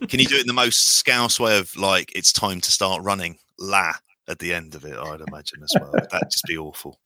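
A man's voice: low voice, animated, fast talker, bright, forceful tone, no echo. A man in a casual podcast chat, rambling and restarting his sentences as he jokes. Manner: rambling, self-correcting banter.

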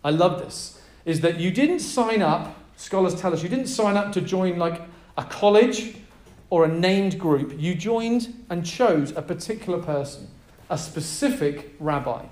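A pastor delivering a sermon to a gathered group, emphatic and energetic, drawing in the audience with prompts and questions. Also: male voice, high-pitched, a little slow, roomy sound.

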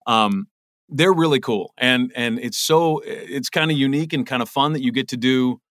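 A middle-aged man chats casually as a voice actor guest, often restarting and repeating words. His voice sits at an ordinary pitch, recorded dry with no room sound. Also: normal speed, fairly bright tone, no room sound. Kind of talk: casual interview chat.

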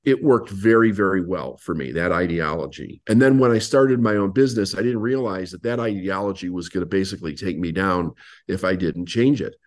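A man's voice: low-pitched, fairly quick. A man, a business coach guest on an interview, telling his story and acting out old conversations. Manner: animated storyteller, acts out past dialogue.

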